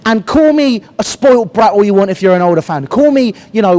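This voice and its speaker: A man's voice: high-pitched, animated, fairly quick, darkish tone. A young British man with a cold, ranting bluntly and passionately as a football fan reviewer, swearing often. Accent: British English. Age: young adult. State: has a cold, voice cracking. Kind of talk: heated fan rant to camera.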